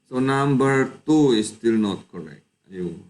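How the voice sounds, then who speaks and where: Guy teaching a class, super slow and patient. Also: medium pitch, expressive, a little mellow. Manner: slow, patient, checks students' answers. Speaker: lecturer. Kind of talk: live online lecture.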